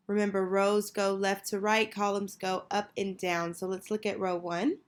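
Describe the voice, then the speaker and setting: A woman teacher leading a children's phonics lesson, patiently prompting and pausing for answers. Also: mid-range voice, level tone. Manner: slow, patient, call-and-response prompting.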